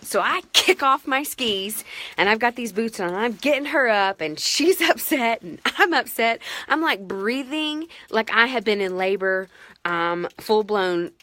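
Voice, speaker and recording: A woman and mother telling a family story to the camera in a casual, animated, self-mocking way. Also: a little high, a little slow, no room sound.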